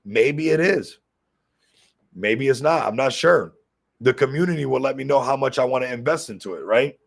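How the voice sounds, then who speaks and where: Crypto stream guy, kinda gravelly fry in his voice, mid pitch, gets all excited and talks right at chat. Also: normal speed. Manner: excitable, hyped, keeps addressing the viewers. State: a little sick. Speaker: crypto livestream host. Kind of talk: casual livestream commentary.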